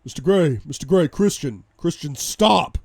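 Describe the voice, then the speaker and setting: A firm, commanding male bodyguard, steady and stern, as a man puts him on. His voice sits warm and mellow, in a dry, close-sounding space. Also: lowish voice, normal speed, no echo, lightly acted. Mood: urgent shouting.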